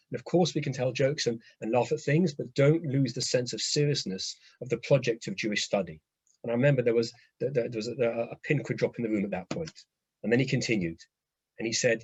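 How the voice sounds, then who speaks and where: Male rabbi lecturer, husky timbre, animated storyteller; muffled dry audio. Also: medium pitch, fairly quick, dry recording. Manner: lively anecdotal storytelling, restarts phrases. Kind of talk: lecture to an online class.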